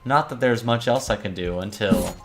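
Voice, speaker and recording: A woman's voice: a bass voice, normal speed. A woman reading aloud as a weary, cynical criminal defense attorney in a visual novel, with a wry noir monologue delivery over faint music. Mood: brooding.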